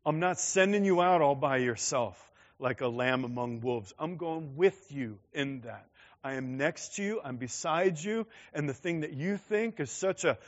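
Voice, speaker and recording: A man's voice: fairly high pitch, animated, unhurried. A man voicing God as a reassuring companion who stands beside a person and encourages them, in a slightly dull lo-fi recording. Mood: encouraging.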